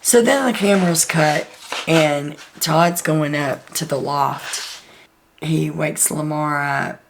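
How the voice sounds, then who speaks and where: A woman's voice: low voice, slow pace, vocal fry, background noise. A woman host chatting through a casual, gossipy recap of a reality show, full of "like" and "um".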